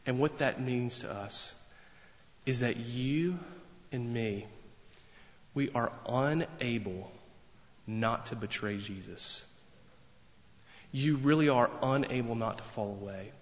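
A man's voice: medium pitch, slow, long pauses. A man preaching a sermon in an earnest, emphatic way, repeating phrases for weight. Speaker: pastor. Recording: long reverb, dull lo-fi sound.

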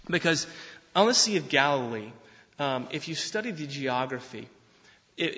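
A pastor giving a sermon in an animated, conversational way, often restarting his sentences. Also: medium pitch. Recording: dull sound with long hall reverb.

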